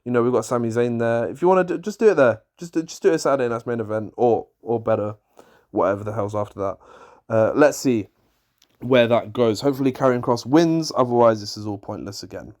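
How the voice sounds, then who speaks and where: A man's voice: mid-range voice, a little fast, a little mellow. A young man reviewing a wrestling show in an exasperated, sarcastic rant.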